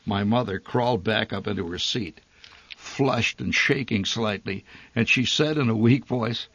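Man, storyteller, humorous memoir reading, wry, dry delivery, low husky voice. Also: a little slow, a bit bright, no room sound. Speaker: narrator.

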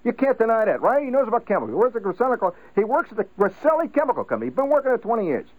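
Guy doing his old man, high and riled up, ranting at the paper, thin radio audio. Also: very animated, very fast, heavily acted. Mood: indignant rant. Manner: indignant, ranting, quizzing. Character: narrator's grumbling working-class father, middle-aged man. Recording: tinny narrow-band radio broadcast.

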